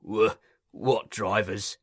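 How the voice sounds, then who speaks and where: A man's voice: fairly low pitch, steady tone, drawn-out words, fairly bright tone, dry recording, clean studio sound, exaggerated voice. A man voicing a nervous, fawning male railway controller who whines and grovels. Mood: grovelling. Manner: grovelling, whining, stammering.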